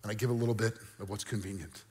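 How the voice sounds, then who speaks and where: A man's voice: fairly low pitch, rapid-fire. Preaching man in a reverberant church. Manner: animated preaching with mock-incredulous outbursts. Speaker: pastor. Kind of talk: sermon.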